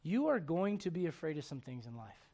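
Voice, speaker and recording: A man in his forties preaching a sermon. He moves from loud urging to quiet confiding. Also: a little high, big pitch swings, a little fast. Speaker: pastor.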